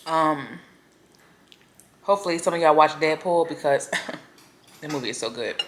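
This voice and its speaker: A woman casually chatting to viewers between bites, murmuring softly as she eats at home. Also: deep voice, normal speed, pauses often, a little hiss or hum. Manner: talks between bites with soft murmured mm sounds. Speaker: mukbang vlogger. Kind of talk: casual chat while eating. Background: faint lawn mower and clinking cutlery.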